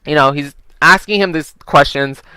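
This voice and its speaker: A man's voice: on the high side, moderate pace, bright, forceful tone, smooth, no echo, rough recording. A man telling work stories while playing a video game, rambling and swearing freely, with lots of "like" and "um". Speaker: gaming vlogger.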